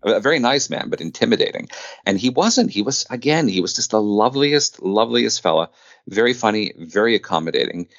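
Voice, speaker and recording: Man, very low voice, dry dull lo-fi sound, chatty guest, stammers and restarts. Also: fairly quick, no echo. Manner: animated storyteller, stammering restarts. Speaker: guest, audio drama producer. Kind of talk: conversational interview.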